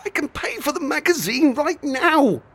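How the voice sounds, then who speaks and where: A panicky, squeaky teenage boy. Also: sing-song, normal speed, fairly bright tone, a little hiss or hum, heavily acted. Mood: panicked pleading. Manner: high, stammering, pleading.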